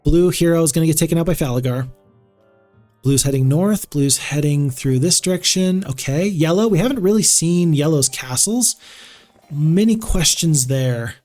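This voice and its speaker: A male streamer talking through a strategy game in relaxed, neutral speech. He rambles and restarts his sentences often, his voice a bit high. Faint music plays underneath. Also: normal speed. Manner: chatty, rambling, many restarts. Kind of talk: casual live-stream commentary.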